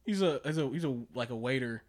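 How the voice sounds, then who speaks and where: Animated young man, lively and raspy. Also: medium pitch, quick pace. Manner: animated, profane, laughs often. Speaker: podcast co-host. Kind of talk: casual chat.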